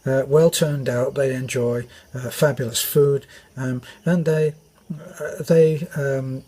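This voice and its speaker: A man's voice: mid-range voice, fairly even intonation, slow, dark tone, breathy edge. An older British man with a British accent telling a meandering army story with many fillers and restarts. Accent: British English. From Britain. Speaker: vlogger. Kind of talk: rambling anecdote.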